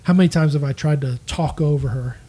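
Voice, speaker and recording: A man co-hosting a marriage podcast speaks earnestly and candidly, owning up to his faults and quoting people in acted voices. His voice is fairly high and mellow, and he talks a little fast.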